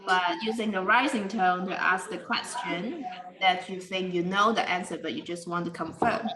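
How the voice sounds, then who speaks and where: A woman's voice: lowish voice, normal speed, a crowd in the background. A woman teaching an English lesson, explaining patiently in slightly non-standard grammar. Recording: echoey room with faint noise.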